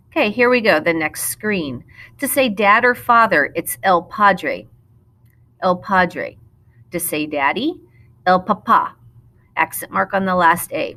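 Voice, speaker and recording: A woman, a Spanish teacher, talking through a recorded lesson in a patient, explanatory way. She slows down to model the Spanish words. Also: on the low side, pushed and bright. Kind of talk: recorded classroom lesson narration.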